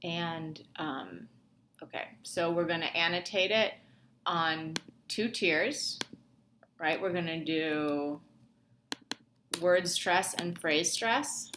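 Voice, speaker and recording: A woman's voice: lowish voice, slow, background noise. A young woman instructor talking through a lab tutorial casually, thinking aloud with many ums and restarts. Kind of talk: screen-recorded lab tutorial.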